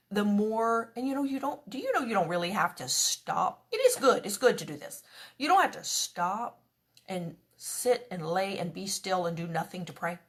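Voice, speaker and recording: A woman giving a conversational devotional talk, chatty and earnest, slipping into little quoted prayers as she teaches. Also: mid-range voice. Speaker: devotional speaker.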